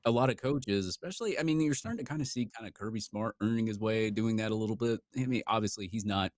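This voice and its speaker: A man co-hosting a casual sports talk show, talking quickly with hesitant starts. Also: fairly low pitch, no room sound, studio quality. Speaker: sports podcast co-host.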